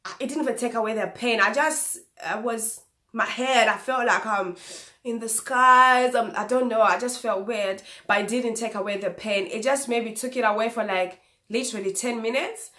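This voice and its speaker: Brief: woman vlogger, slightly high voice, loose chatty storytelling with fillers. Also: moderate pace. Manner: animated retelling, acts out quoted dialogue. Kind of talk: personal storytelling.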